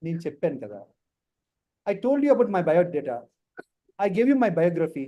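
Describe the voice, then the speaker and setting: A man's voice: a little high, big pitch swings, very fast, mellow, muffled recording. A man with a Telugu Indian accent leads a live online career class in a playful, teasing way, slipping Telugu words into his English. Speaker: instructor leading a career workshop.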